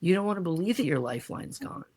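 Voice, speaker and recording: A woman's voice: fairly low pitch, fast talker, husky. A middle-aged woman, a podcast guest, telling a personal story with feeling and acting out the voices of others. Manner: animated, acts out quoted voices.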